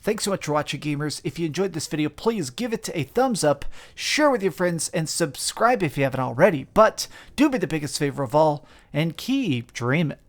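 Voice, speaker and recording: A young man hosting a game review and unboxing vlog, talking with gushing, animated enthusiasm. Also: a little high, moderate pace, hardly any pauses. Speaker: game reviewer and channel host.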